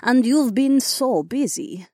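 A man's voice: extremely high pitch, animated, takes it slowly, darkish tone, dry recording, clean studio sound, voice pushed up, heavily acted. A man doing a playful, proud lady dragon. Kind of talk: audiobook narration.

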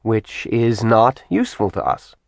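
A man's voice: mid-range voice, unhurried, no room sound, natural voice. A man voicing a stoic, sarcastic warrior. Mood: sardonic.

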